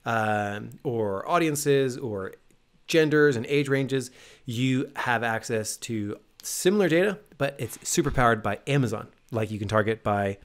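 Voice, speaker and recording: A man's voice: medium pitch, unhurried. A man co-hosting a podcast in casual, upbeat chat, joking around with energy. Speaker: podcast co-host.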